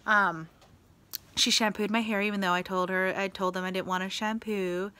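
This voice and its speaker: A woman's voice: medium pitch, level tone, moderate pace, pushed and bright, clean tone. A woman vlogging in a casual, rambling way, telling her story with an exasperated tone. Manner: chatty, exasperated, rambling with fillers.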